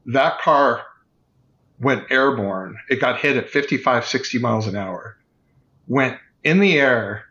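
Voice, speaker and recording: A man in his fifties, a podcast guest, recounting a personal story in vivid detail with quick restarts. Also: mid-range voice, fairly bright tone, lo-fi sound.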